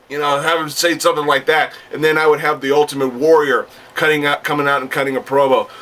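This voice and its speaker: Bright-voiced rambling male vlogger. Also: on the high side, flat delivery, quick pace, few pauses, far from the mic. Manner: enthusiastic, rambling, with many restarts and "you know". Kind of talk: casual commentary.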